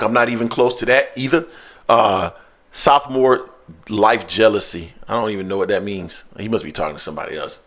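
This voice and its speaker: Loose, slangy male live-stream host. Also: medium pitch. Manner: loose, animated, slangy banter. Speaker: sports show host. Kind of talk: casual live-stream chat.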